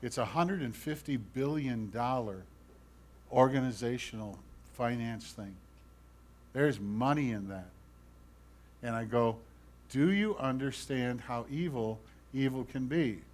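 A man preaching a sermon, earnest and pleading, swinging from loud emphasis to hushed asides and asking his listeners direct questions. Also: mid-range voice, unhurried. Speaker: pastor.

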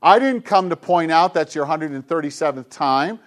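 Higher-voiced man preaching emphatically. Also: expressive, normal speed. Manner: emphatic, repetitive preaching cadence, drops to soft hushed tones. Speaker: pastor. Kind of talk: sermon to a congregation with kids.

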